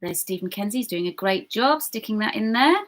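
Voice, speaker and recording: A woman hosting an online pub quiz, reading questions slowly and chatting and giggling with viewers in between. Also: mid-range voice, expressive, slight background noise. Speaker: quiz host.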